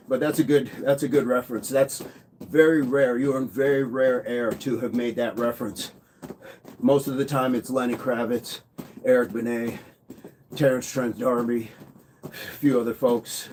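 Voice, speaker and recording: A man hosting a daily live workout stream, counting reps out loud while exercising and chatting with viewers by name. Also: medium pitch, steady tone, moderate pace, slight background noise. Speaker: fitness livestream host. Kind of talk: live workout coaching and chat.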